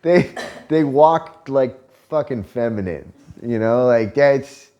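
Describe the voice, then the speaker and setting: A man's voice: medium pitch, animated, slow, mellow, highs cut off. A man telling a story in a casual, profane, joking way and laughing often. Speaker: vlogger.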